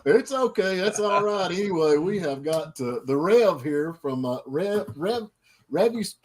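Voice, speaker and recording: A man's voice: high voice, expressive, measured pace. A middle-aged man hosting a casual livestream chat, folksy and rambling. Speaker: host.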